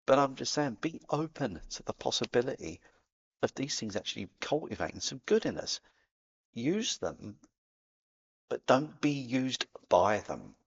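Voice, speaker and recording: A man's voice: medium pitch, big pitch swings, measured pace, vocal fry, breathy edge, highs cut off. A man with a Cockney accent talking casually to camera as a spiritual vlogger, chatty and playful, dropping in sound effects. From England.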